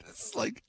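A man hosting a sports radio show, telling stories in a casual chat and laughing often. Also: slight background noise. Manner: laughs often, animated storytelling.

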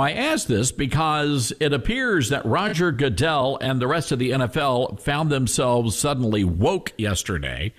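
Man, radio talk show host, folksy, emphatic, animated pitch. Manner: folksy, emphatic, repeats phrases. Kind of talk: conservative talk radio monologue.

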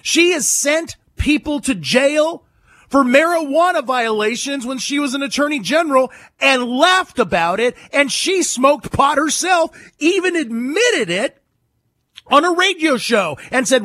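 High-voiced, emphatic talk radio man. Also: lively intonation, unhurried, pushed and bright, no room sound. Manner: emphatic, repetitive, mocking. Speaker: radio talk show host. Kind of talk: political talk radio commentary.

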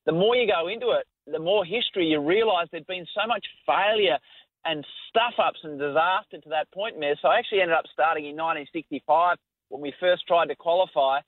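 A man with an Australian accent, a podcast host who is a guest on a radio interview, talking in a relaxed, chatty storytelling way. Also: on the high side, fairly quick, no echo. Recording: phone-like remote line.

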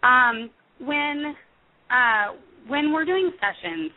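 A woman's voice: high voice, slow pace, vocal fry. A woman in her thirties, a music therapist, answering interview questions thoughtfully, with many fillers and self-corrections. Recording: tinny phone line.

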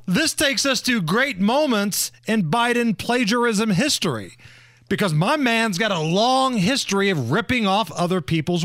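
A man hosting a political talk podcast, sarcastic and quick to laugh. His voice sits high and swings widely in pitch. The recording is dry and close. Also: a bit bright, no room sound. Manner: mocking, laughs often. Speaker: podcast co-host. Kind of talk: casual political commentary.

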